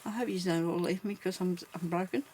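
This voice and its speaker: A woman's voice: on the low side, fast talker, a little mellow, a little hiss or hum. A woman vlogging as she crafts, chatting casually and thinking aloud, laughing often at herself.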